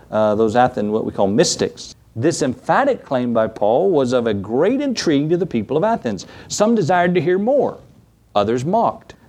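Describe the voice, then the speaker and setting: A man's voice: mid-range voice, darkish tone. A man, a preacher in his thirties, giving a conversational sermon with scripture readings, folksy and full of rhetorical questions and chuckles.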